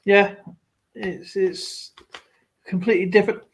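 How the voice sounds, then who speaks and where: A man's voice: high voice, little pitch movement, a little slow. A man hosting a live stream, telling a rambling story and acting out what other people said, with laughs along the way. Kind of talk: casual storytelling chat.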